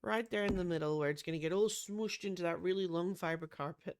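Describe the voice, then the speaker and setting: Chatty woman with a gravelly edge. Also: on the low side, fast talker, darkish tone, slight background noise. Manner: chatty, lots of "um" and gasps. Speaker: Sims builder. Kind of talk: casual gameplay commentary.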